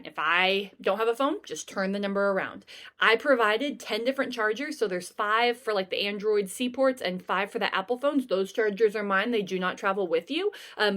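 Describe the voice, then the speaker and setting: A woman's voice: medium pitch, fairly bright tone. A woman, a teacher giving an upbeat, chatty first-day talk to her class over a video call, with frequent ums.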